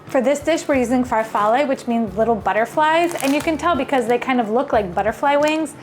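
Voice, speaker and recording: A woman's voice: high-pitched, a little fast, faint music behind. A woman hosting a casual cooking vlog, chatting enthusiastically as she cooks in her home kitchen. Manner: chatty and enthusiastic, thinks aloud while cooking. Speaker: cooking video host.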